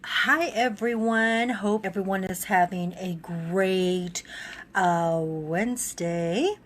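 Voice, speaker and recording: A woman's voice: mid-range voice, takes it slowly, slight background noise. A woman giving a heartfelt live video testimonial about her coach, crying and laughing as she talks. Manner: tearful, laughing, heartfelt and rambling. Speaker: fitness business owner giving a testimonial.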